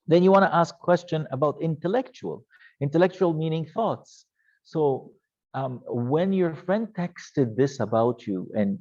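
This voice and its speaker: A man lecturing a youth ministry class in a gentle, halting way, often restarting his sentences. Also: mid-range voice, lo-fi sound.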